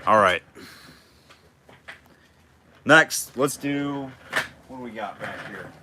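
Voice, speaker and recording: A man's voice: mid-range voice, takes it slowly, noisy background. A man running a live online auction, calling bids and chatting casually with viewers between lots. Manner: chatty, jokey, reads out bids and names viewers.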